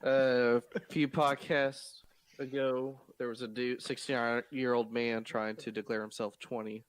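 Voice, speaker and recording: A man's voice: mid-range voice, flat delivery, unhurried, clean tone. A man co-hosting a podcast, recounting a story in a matter-of-fact way in casual chat. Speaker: podcast co-host.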